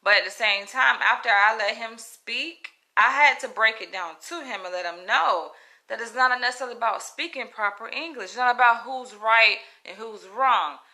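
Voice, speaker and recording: A woman's voice: fairly high pitch, moderate pace, sharp tone. A woman with a Southern US accent telling a story in a casual, chatty monologue, stressing her points and often checking in with "right?" and "you know?". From Southern United States.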